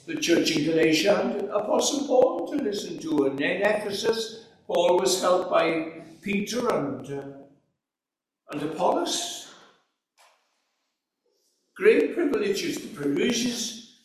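A man's voice: high-pitched, expressive, measured pace, slight background noise. A man preaching a sermon in an earnest, emphatic way, asking rhetorical questions. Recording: echoey hall recorded from far off.

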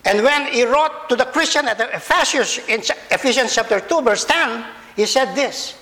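A male pastor preaching a sermon slowly and deliberately, repeating words as he speaks to children and adults alike. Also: very high voice, bright, forceful tone. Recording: long reverb of a large hall.

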